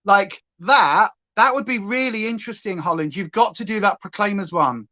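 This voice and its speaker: A woman's voice: mid-range voice, normal speed, bright, forceful tone. Rambly english woman on a livestream, clipped southern accent, lots of ums, kinda muffled sound. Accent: clipped near-standard southern English. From Hampshire, England. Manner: chatty, tangent-prone, lots of fillers. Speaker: livestream beauty host. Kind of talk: rambling casual chat.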